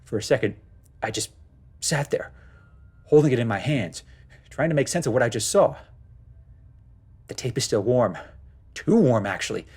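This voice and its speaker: A man's voice: medium pitch, expressive, moderate pace, long pauses, a little mellow, husky. A man narrating his own first-person horror story in a tense, dramatic way.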